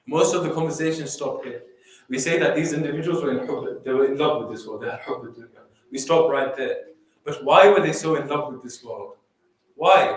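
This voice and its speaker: Guy preaching a majlis, big echoey hall, mic kinda far off. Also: medium pitch. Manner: dramatic storytelling, recites Arabic quickly. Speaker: majlis speaker. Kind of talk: sermon. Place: mosque hall.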